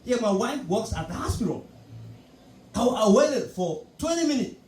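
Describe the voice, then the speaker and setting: High-voiced man doing stand-up. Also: moderate pace, a little hiss or hum. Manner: storytelling, animated, frequent asides like "you know". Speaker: stand-up comedian. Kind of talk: stand-up comedy set. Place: comedy club stage. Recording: echoey club from a distant mic.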